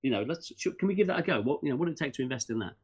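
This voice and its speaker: A middle-aged man holds forth as a podcast guest, his pitch rising and falling in lively swings. He talks fast and rambles, tripping into restarts and peppering his talk with fillers. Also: breathy edge. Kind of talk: casual interview chat.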